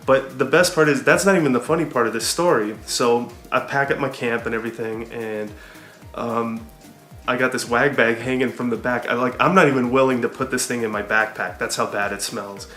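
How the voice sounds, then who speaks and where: A man's voice: medium pitch, fairly even intonation, fairly quick, fairly bright tone, echoey room, faint music behind. A young adult man, a hiking vlogger, casually telling a story to camera in a chatty, self-mocking way, laughing often. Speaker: hiking YouTuber.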